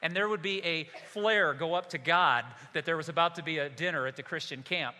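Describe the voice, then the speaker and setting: A man's voice: a little high, fairly quick, bright, forceful tone, long reverb tail. A man preaching a sermon to his church, telling the story with humor and acting out the dialogue. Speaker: pastor. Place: church sanctuary.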